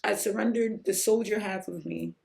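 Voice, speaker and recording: A woman hosting her own podcast, telling a personal story in an earnest, emotional way that sometimes rises almost to a shout. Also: normal speed, vocal fry. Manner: emotional, earnest, rising to near-shouts at high points; breaks off to hush a pet in a low, quiet voice. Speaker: podcast host.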